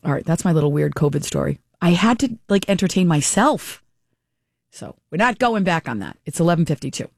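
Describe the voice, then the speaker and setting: A woman's voice: lowish voice, lively intonation, brisk, vocal fry, dry recording, studio quality. A woman hosting a radio talk show, telling a rambling story with lots of asides and reading a live ad. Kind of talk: chatty storytelling and live ad read.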